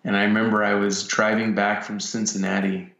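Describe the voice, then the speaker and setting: A man, a filmmaker, reflecting in a personal way, talking haltingly with frequent pauses and restarts. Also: on the low side, little pitch movement, vocal fry, a bit bright. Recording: roomy, dull lo-fi sound.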